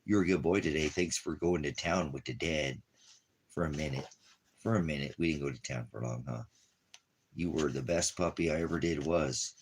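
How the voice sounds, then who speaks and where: A man's voice: very deep voice, normal speed, slightly rough. A man on a casual live stream, talking to his puppy in rambling, playful, affectionate baby talk.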